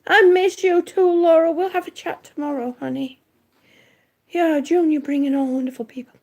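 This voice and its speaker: A woman's voice: extremely high pitch, steady tone, normal speed, a little mellow. A woman who is out of breath, chatting casually on a livestream, greeting viewers and reading their comments, often trailing off and restarting. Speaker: livestream vlogger.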